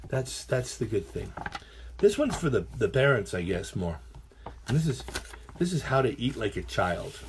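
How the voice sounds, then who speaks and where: A man's voice: mid-range voice, very animated, normal speed, slight background noise. A middle-aged man, a teacher, reading picture books aloud to his class with playful, chatty asides.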